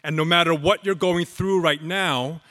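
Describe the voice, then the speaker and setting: A man preaching a sermon as pastor, slow and emphatic with dramatic pauses. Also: on the high side, steady tone, pushed and bright, long reverb tail.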